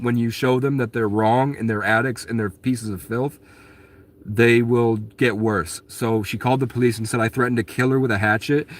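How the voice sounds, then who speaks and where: Guy ranting at his viewers, rambly and aggrieved, lots of restarts, medium voice, swears a lot. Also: mid-range voice. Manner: blunt, swears at commenters. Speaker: vlogger answering viewer questions. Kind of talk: casual storytelling monologue.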